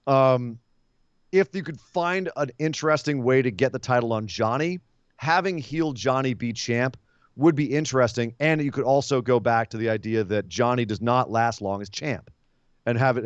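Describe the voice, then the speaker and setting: A man co-hosting a casual wrestling podcast, animated and laughing often as he recaps. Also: medium pitch, moderate pace, dry recording. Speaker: podcast co-host. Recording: dull lo-fi podcast audio.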